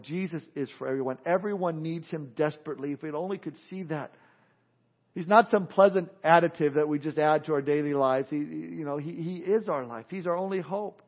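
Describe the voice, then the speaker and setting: A man with a Texan accent preaching a sermon as pastor, animated, acting out quotes and little scenes, often repeating himself. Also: fairly high pitch. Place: church sanctuary. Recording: dull lo-fi recording.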